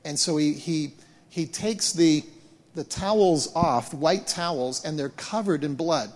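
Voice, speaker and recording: A man preaching as a pastor, retelling events in an animated way and often repeating words as he restarts. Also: on the high side, unhurried. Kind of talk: sermon storytelling. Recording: long hall reverb.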